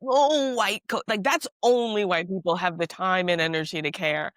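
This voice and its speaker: A woman co-hosting a podcast in casual chat. She talks in animated, exasperated rants with emphatic outbursts. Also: on the low side, moderate pace, no echo. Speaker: podcast co-host.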